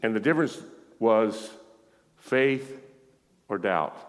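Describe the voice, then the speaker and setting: A man preaching a sermon in a lively way, calling out to his congregation as he reads and explains scripture. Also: on the low side, takes it slowly. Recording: echoey hall with long reverb.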